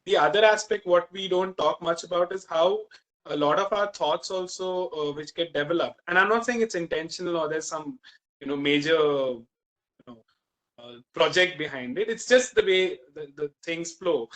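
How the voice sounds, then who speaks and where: Animated high-voiced Indian man. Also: normal speed, poor audio. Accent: Indian English. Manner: animated, many "you know" fillers. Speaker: interview guest. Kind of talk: candid opinionated conversation.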